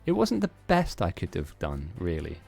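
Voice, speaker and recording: A man's voice: sits low, huge pitch swings, normal speed, vocal fry, darkish tone, faint music behind. A man hosting a live-streamed game tournament, chatting casually in a rambling, self-mocking way with frequent laughs.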